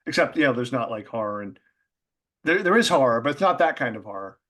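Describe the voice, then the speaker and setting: A man's voice: mid-range voice, expressive, fast talker, fairly bright tone. Chatty, rambling male author. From Boston area. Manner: rambling, chatty, many fillers and laughs. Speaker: author guest. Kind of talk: casual conversation.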